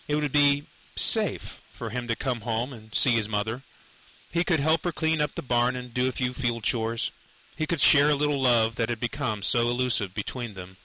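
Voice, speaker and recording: A man narrating a dark novel aloud, in a measured, dramatic storytelling manner. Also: medium pitch, poor audio. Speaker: audiobook narrator. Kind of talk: scripted narration.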